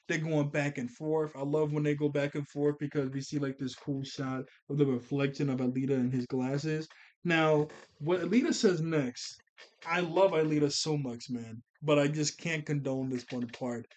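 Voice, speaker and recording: A young man talks through a cartoon episode in a relaxed, slangy review style. His voice sits a bit high for a man. He gets animated and breaks into laughter as he recaps. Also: normal speed.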